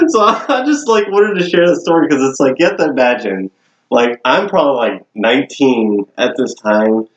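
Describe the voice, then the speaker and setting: A man's voice: mid-range voice, animated, normal speed, roomy sound, muffled recording. A young man casually telling a story on a podcast, swearing and laughing often. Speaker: podcast co-host.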